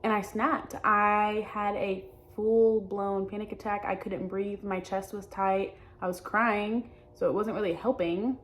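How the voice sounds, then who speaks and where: A young adult woman talking openly in a personal vlog, halting and hesitant, often restarting her sentences. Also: mid-range voice, fairly even intonation. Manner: earnest and open. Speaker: vlogger.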